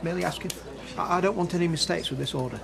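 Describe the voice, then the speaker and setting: An actor playing a fussy, formal café owner who worries about hygiene rules, in a television soap. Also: male voice, a little high, rapid-fire, vocal fry, a crowd in the background.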